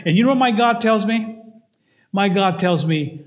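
A man's voice: high-pitched, moderate pace. An older man preaching a sermon, telling stories and acting out the voices of the people in them. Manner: animated storytelling preacher, acts out voices in his stories. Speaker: pastor.

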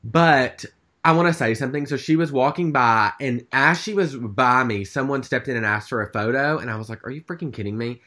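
A man's voice: mid-range voice, moderate pace, pushed and bright. A man telling a story in casual chat, rambling with lots of fillers. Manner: rambling, chatty, with many fillers.

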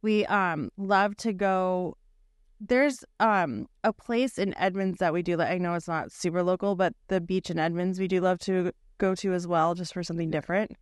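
A woman in her thirties from the United States, co-hosting a podcast and telling travel stories in a lively, chatty way. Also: fairly low pitch, normal speed, smooth, no echo, clean studio sound. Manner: animated, chatty storyteller. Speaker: podcast co-host. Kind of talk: casual chat.

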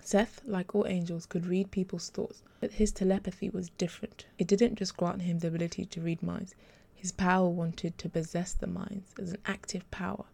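Woman, audiobook narration, even measured reading, very gravelly, dark mellow tone. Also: fairly low pitch. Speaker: author reading her own story.

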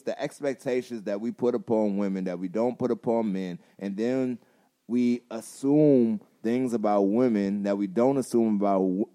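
Laid-back young man, low voice, slangy. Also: warm tone. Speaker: podcast co-host and school teacher. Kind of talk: casual podcast chat.

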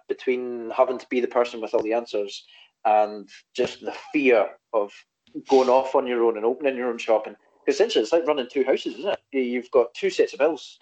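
A man's voice: medium pitch, darkish tone. Reflective man, slightly muffled. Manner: hesitant, reflective, with restarts. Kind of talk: casual chat.

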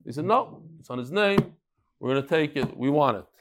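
Man, Talmud teacher, animated storyteller, slightly raised pitch, casual class. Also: brisk, noisy background. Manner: animated storytelling, mixes Aramaic and Yiddish terms.

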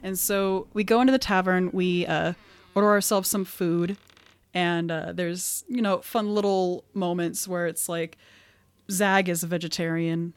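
A woman with an accent casually recapping a tabletop game session, animated and laughing often, peppering her talk with "like". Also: fairly low pitch, measured pace, no room sound. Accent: non-standard accent of her own. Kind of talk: casual storytelling chat.

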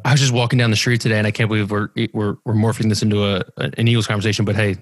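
A man's voice: on the low side, little pitch movement, faint music behind. A young man, co-hosting a casual sports podcast, teasing and emphatic. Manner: teasing, quick-fire and emphatic. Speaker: podcast co-host.

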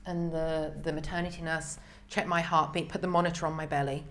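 Brief: woman, lowish voice, animated storyteller, voices the people she quotes. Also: brisk. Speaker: podcast guest. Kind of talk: personal storytelling in an interview.

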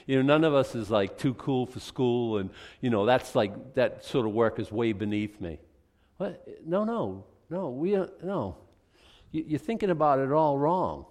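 A man's voice: medium pitch, lively intonation, moderate pace, a little mellow. A male pastor preaching a sermon in a conversational, joking, rambling way.

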